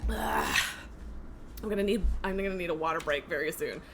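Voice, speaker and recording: A woman live streamer chatting casually while gaming, self-mocking and laughing often, her throat irritated so she keeps clearing it. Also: deep voice, wildly swooping pitch, a little fast, background noise.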